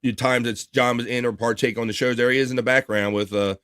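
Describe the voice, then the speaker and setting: A man's voice: medium pitch, steady tone, fast, background noise. A man hosting a casual talk stream, chatting loosely and laughing often as he plays old clips. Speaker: host.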